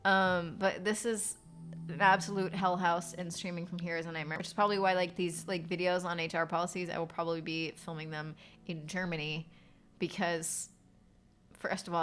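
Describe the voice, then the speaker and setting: A woman's voice: on the low side, fairly bright tone. A woman streamer and voice actor chatting casually on a live stream from her apartment, rambling with fillers and swearing, her nose congested. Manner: rambling, frequent fillers and profanity.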